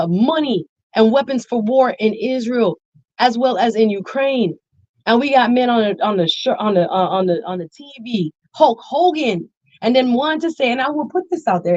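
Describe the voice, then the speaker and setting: Animated woman giving casual reaction commentary. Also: on the high side, no room sound. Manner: animated, exclaiming, acts out quoted reactions. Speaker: political commentary host. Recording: slightly dull, lo-fi sound.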